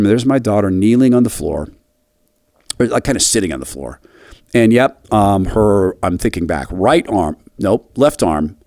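A man's voice: a little mellow, no echo. An earnest middle-aged man tells a personal story on his commentary show. His voice rises and falls widely as he speaks, and he often stops to restart a phrase. The sound is close and dry, with no room around it. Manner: earnest, halting, with restarts and a wide pitch swing. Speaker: radio commentary host.

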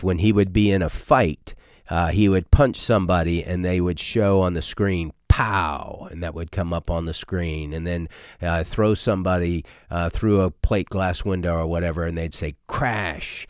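Middle-aged male pastor, deep voice, dry recording; easygoing, conversational sermon delivery. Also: fairly even intonation, normal speed, a little mellow, smooth, no room sound. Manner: conversational, folksy preaching with frequent fillers.

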